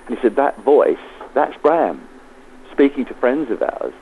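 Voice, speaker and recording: A man's voice: medium pitch, big pitch swings, unhurried, warm tone, a little hiss or hum, poor audio. A man, a medium, telling stories in an interview and acting out the people he quotes. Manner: anecdotal, acts out quoted voices. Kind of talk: storytelling interview.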